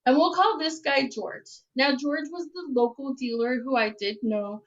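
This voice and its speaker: A woman's voice: high-pitched, normal speed, muffled recording. A woman telling a personal story in a candid, rambling way, often correcting herself with fillers.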